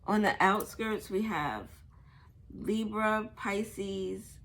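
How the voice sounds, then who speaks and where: Tarot lady musing out loud, blunt, swears a bit, talks slow. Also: medium pitch. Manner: thinks aloud, profane and blunt. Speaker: tarot reader. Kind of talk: casual tarot reading vlog.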